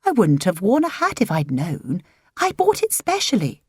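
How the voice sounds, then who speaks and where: A woman voicing a vague, plaintive elderly aunt, speaking slowly. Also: medium pitch, wildly swooping pitch, husky, no room sound, clean studio sound, voice pushed up.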